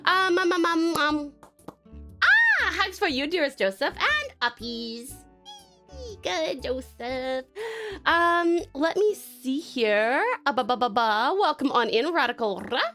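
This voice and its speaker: Bubbly, high-voiced Australian woman streamer. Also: expressive, unhurried, fairly bright tone. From Tasmania, Australia. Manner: effusive, bubbly, swears freely. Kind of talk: live stream chat, thanking viewers. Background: faint music.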